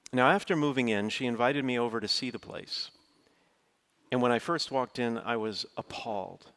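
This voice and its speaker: A man's voice: mid-range voice, fairly bright tone. A middle-aged man preaching a sermon, telling a personal story in an earnest, storytelling way, his voice rising sharply when he quotes his own words. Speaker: pastor.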